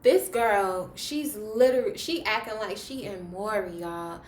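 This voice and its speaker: A young woman vlogger telling a story in a casual, animated way, her voice jumping from soft to loud as she relives it. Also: medium pitch, a little slow. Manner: animated, dramatic retelling with big swings in loudness. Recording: roomy echo.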